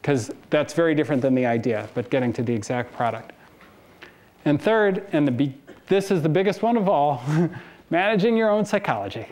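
A man in his forties addresses a university audience with a fairly high voice. His talk is casual and conversational, with anecdotes, and he laughs between stories. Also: expressive, a little fast, darkish tone. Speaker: guest speaker. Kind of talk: conference talk with slides. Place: lecture hall.

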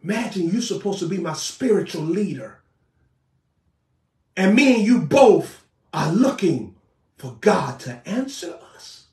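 A man preaching a fiery sermon, shouting, scolding and mocking his listeners. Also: high-pitched, very animated, measured pace, pauses often. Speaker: prophet preacher. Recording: echoey room, voice far from mic.

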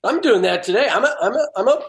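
A man with a high-pitched voice telling lively stories as a guest. He sounds casual and animated. The room gives his voice a noticeable echo. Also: quick pace. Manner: animated storyteller. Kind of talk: casual chat.

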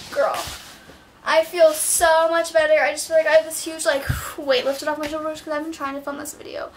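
Slightly out of breath, a teenage girl vlogs about her new clothes in a bubbly, "like"-heavy chat. She speaks a bit fast in a high, level tone, and her camera mic adds a faint hiss or hum.

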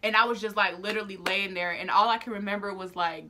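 A young woman vlogger telling a personal story to her viewers in a chatty, animated, slang-filled way. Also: mid-range voice, quick pace, slight background noise. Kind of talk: storytime vlog.

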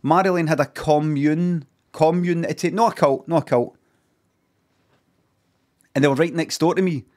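A man's voice: a little high, steady tone, unhurried, pauses often, darkish tone. A man, chatting casually and swearing while streaming reaction commentary. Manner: chatty, swearing, rambling asides.

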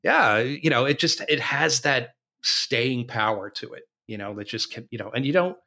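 A man co-hosting a music podcast in casual chat, laid-back and quick to agree and laugh. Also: medium pitch, lively intonation, vocal fry, bright, forceful tone. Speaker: podcast co-host.

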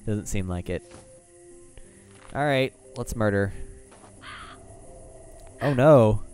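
A man's voice: lowish voice, animated, slow pace, darkish tone, clear, resonant tone, faint music behind. A man co-hosting a casual let's-play, joking and chatting with the game's characters. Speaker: co-host of a gaming show.

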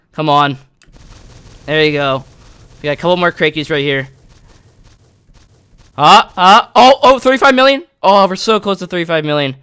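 Excitable young man narrating gameplay. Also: fairly high pitch, clear, resonant tone. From Canada. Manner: excitable, yelling at near misses. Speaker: gaming YouTuber. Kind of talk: casual gameplay commentary.

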